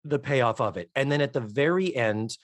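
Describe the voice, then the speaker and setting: A man co-hosting a podcast in casual chat, enthusiastic and animated, swearing freely. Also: medium pitch, moderate pace, no echo. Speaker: podcast co-host.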